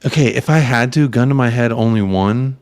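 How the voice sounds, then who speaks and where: A man's voice: mid-range voice, fairly quick, darkish tone, clean tone, dry recording. A man co-hosting a casual late-night fan chat, rambling and making crude jokes. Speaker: podcast co-host.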